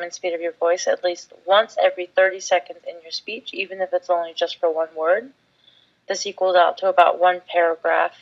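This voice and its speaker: A woman teaching public speaking in a clear, measured, scripted way. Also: on the low side, lo-fi sound. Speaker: instructor. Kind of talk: scripted instructional talk.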